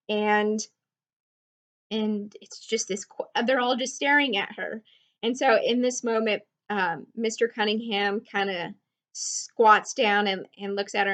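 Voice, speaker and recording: A woman's voice: mid-range voice, fairly even intonation, slow, fairly bright tone. A woman teacher explaining a novel to her students, conversational and full of fillers and small restarts. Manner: conversational, recaps with frequent fillers.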